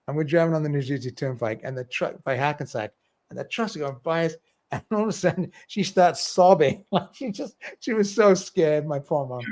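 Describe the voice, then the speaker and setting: A middle-aged man hosting a livestream, chatting casually, reading viewer comments aloud and laughing often. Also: a little high. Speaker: livestream host.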